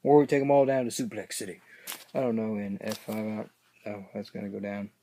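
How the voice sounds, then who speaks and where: A man's voice: fairly low pitch, level tone, fast, dark tone, slight background noise. A man casually recapping a show, rambling and hesitant, often losing his place mid-sentence. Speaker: wrestling reaction vlogger.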